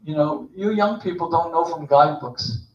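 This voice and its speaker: Animated older man telling a story in a roomy hall. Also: a little high, moderate pace. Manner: storytelling, jokey, animated, acts out voices. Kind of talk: informal sermon. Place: synagogue sanctuary. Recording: roomy, distant, dull recording.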